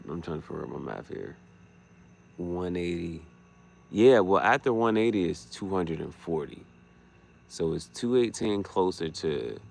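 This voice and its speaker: A man vlogging late at night, thinking out loud and trailing off into mutters and restarts. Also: rumbling low, vocal fry, a little hiss or hum. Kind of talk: late-night rambling vlog.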